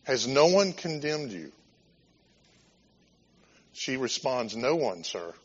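A man's voice: mid-range voice, sing-song, slow, breathy edge. Guy preaching a sermon, fired up and chatty, voice swinging all over, kinda muffled recording. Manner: impassioned, conversational preaching with restarts. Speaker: pastor. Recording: dull lo-fi recording with long hall reverb.

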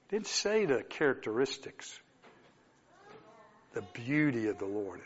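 A man preaching a sermon, telling a story and moving from soft asides to emphatic exclamations. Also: mid-range voice, big pitch swings, measured pace, long pauses, slightly rough, lo-fi sound.

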